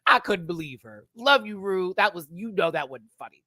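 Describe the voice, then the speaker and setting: Animated, sassy man ranting on a live stream. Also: high-pitched, no echo. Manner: sassy, animated, quick to laugh. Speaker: drag show reviewer and channel host. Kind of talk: live-stream review rant.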